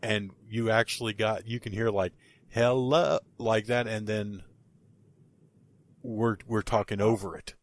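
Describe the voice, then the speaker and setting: Rambling low-voiced man telling a ghost story. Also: level tone, a little slow. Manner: rambling, with many restarts and fillers. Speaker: paranormal investigator guest. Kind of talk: casual podcast storytelling.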